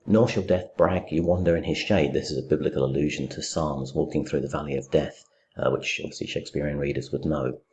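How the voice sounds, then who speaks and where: A middle-aged English literature teacher gives a recorded lecture on poetry commentary, thinking aloud with many fillers and restarts. His rumbling low voice is steady, a little fast and darkish, on dull audio with a slight hiss or hum.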